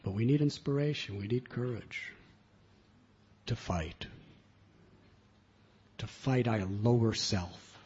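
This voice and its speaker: A man preaching a sermon in an animated storytelling way, on a muffled lo-fi recording. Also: medium pitch, slow pace, long pauses, breathy edge. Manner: animated storytelling with sound effects.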